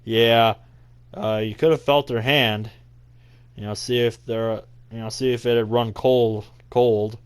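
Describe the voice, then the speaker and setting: A man's voice: mid-range voice, steady tone, a little slow, clean tone. A young man reading a visual novel aloud as a let's play host, with dry, sarcastic asides. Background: faint game music.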